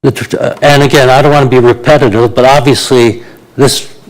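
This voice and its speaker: Man in his eighties, blunt and indignant, halting with fillers, mid-pitched voice. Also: steady tone, poor audio. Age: 80s. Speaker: resident speaking at a public meeting. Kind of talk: public delegation to council.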